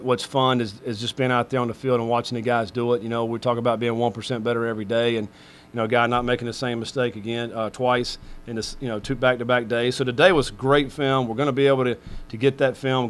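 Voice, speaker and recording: A middle-aged man, a head football coach, answering questions at a press conference in a rambling way full of fillers. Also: mid-range voice.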